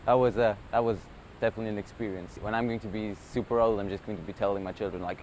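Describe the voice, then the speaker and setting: A man's voice: on the low side, racing, background noise. Chatty young man vlogging. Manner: chatty, excitable, breathless storytelling. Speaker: wildlife photographer vlogger. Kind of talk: casual vlog narration.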